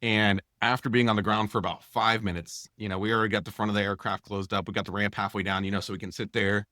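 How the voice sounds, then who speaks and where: Male podcast co-host, bright tone, casual animated storyteller, dry close mic. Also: lowish voice, quick pace, dry recording. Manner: animated, acts out dialogue with lots of fillers.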